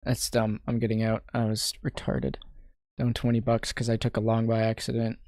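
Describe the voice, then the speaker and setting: A man's voice: on the low side, monotone, moderate pace, a little mellow, no echo, studio quality. A young man from Canada streaming his day trading, thinking aloud and muttering in frustration, swearing now and then. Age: young adult. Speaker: day trader streaming live. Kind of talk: casual live-stream commentary.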